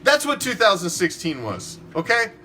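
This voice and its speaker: A man's voice: high-pitched, wildly swooping pitch, moderate pace, sharp tone, soft background music. A man hosting a fan sports show, ranting emphatically and swearing a lot. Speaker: fan podcast host. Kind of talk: opinionated sports talk rant.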